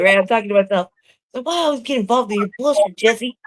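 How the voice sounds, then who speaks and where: A fast-talking woman with a slightly high, expressive voice co-hosts a news talk show from her room. In casual chat she tells stories laced with swearing and frequent laughter, and there's no room sound.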